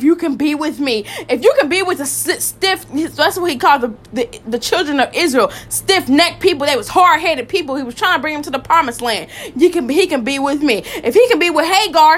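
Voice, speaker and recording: A woman with a high, slightly bright voice hosts a podcast, preaching and praying with fervor. Her impassioned sermon and prayer repeat phrases full of emotion.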